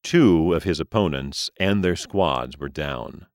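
Deep-voiced man narrating a story slowly. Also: dry recording, clean studio sound.

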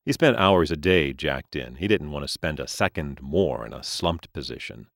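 A man reading a story aloud as narrator, in a slow, expressive style. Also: very deep voice, creaky, dry recording, studio quality.

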